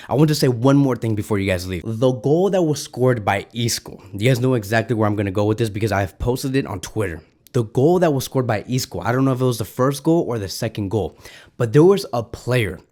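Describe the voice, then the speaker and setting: A man hosting a football fan channel, giving an excited, ranting reaction to a match and repeating himself when worked up. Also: mid-range voice.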